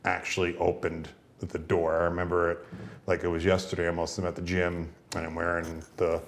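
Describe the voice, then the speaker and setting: A man's voice: deep voice, a little fast, slight background noise. A man in his thirties, a wrestler, chatting casually in an interview and telling stories with lots of fillers. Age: 30s. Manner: rambling, relaxed, frequent fillers. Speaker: guest, pro wrestler.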